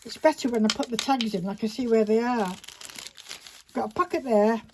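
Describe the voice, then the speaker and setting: Her voice is a little high and mellow, at a normal speed. In a casual craft tutorial chat recorded on a phone camera, she works on a paper project at an indoor craft table, rambling and talking to herself. Faint background noise and paper crinkling can be heard.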